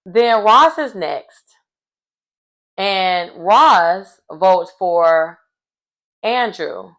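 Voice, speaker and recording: A woman recapping a reality show episode in casual chat, animated and acting out what people said. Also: medium pitch, extremely slow, low-quality recording. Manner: animated storyteller acting out quotes.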